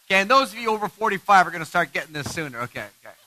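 A man giving a sermon-style talk on marriage, animated and self-mocking, laughing often. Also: fairly high pitch, very fast, no room sound, rough recording. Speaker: marriage speaker.

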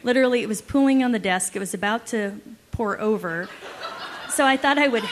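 A woman telling an amused, lively story to an audience alongside her husband. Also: fairly high pitch, a little fast, slight background noise. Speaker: wife co-presenting with her husband.

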